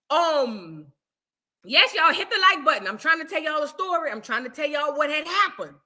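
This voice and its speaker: A woman vlogger tells a story in a loose, dramatic way, heavy on cursing. Her voice is high and very bright, and it swings from shouts down to hushed asides. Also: sing-song, normal speed. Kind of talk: casual storytelling.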